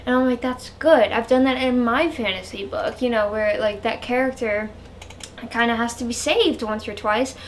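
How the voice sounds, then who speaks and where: Higher-pitched woman book reviewer, rambly, frank, casual vlog chat. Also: normal speed, slight background noise. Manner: rambling, frank, heavy use of "like".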